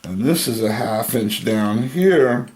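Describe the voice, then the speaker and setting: Slow, easygoing man demonstrating a craft. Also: mid-range voice, slight background noise. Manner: slow, relaxed, thinking aloud while cutting and pinning. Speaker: handbag-making instructor. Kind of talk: casual tutorial demonstration.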